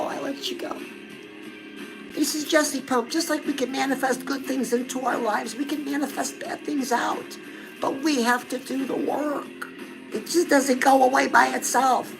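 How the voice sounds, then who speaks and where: Chatty high-voiced woman host, gravelly. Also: low-quality recording. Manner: chatty, coaching, addresses viewers as girl. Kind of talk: casual livestream chat.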